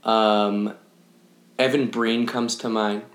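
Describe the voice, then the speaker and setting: A man's voice: lowish voice, flat delivery, slow. A young man co-hosting a podcast, hesitant and rambling, full of fillers in casual chat. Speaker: podcast co-host. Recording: roomy echo.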